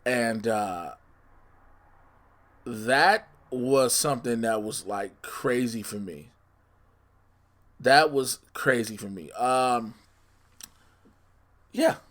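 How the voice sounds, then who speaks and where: A man's voice: medium pitch, drawn-out words, pauses often, a bit bright. Scatterbrained man recapping TV shows casually. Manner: scattered, self-correcting, chatty, teasing listeners with spoilers. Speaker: podcast host. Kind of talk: casual solo podcast recap.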